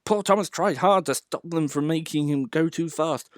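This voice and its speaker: A man reading a children's storybook aloud as the narrator, in an expressive way. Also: on the high side, normal speed, dry recording, clean studio sound.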